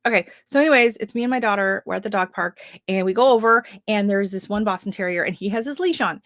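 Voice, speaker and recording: Woman, 30s, from Canada, gardening livestream host. Middle pitch, chatty and giggly, filler-heavy, dry webcam sound. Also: fast, a bit bright, dry recording. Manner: chatty storyteller, laughs often, many fillers. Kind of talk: casual livestream chat.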